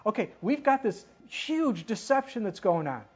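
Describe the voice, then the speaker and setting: A woman's voice: fairly high pitch, big pitch swings, normal speed, slightly rough. A woman preaching a sermon in a conversational way, asking rhetorical questions and reading scripture aloud. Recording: dull lo-fi recording.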